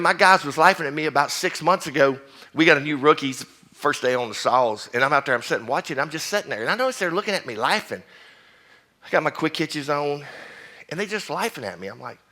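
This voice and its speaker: A man's voice: a little high, sharp tone. A middle-aged man, a fire chief giving a blunt, preachy conference speech that keeps putting questions to the crowd.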